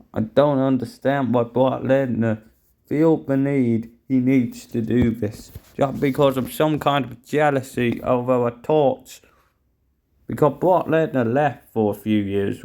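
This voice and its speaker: A man's voice: medium pitch, dark tone. A young man giving outraged play-by-play wrestling commentary, swearing and talking to viewers as guys.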